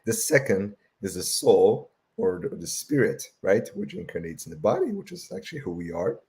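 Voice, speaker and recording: A man giving a lecture with slides, tagging "right?" onto almost every phrase, with a voice that is going and frequent throat-clearing. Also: lowish voice, very animated, moderate pace, dark tone. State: losing his voice, clears throat often.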